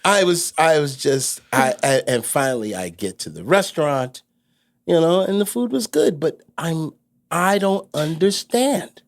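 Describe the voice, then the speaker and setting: A man's voice: a little high, lively intonation, unhurried. A man from New York City, a podcast co-host, telling a rambling story full of restarts. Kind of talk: casual storytelling chat.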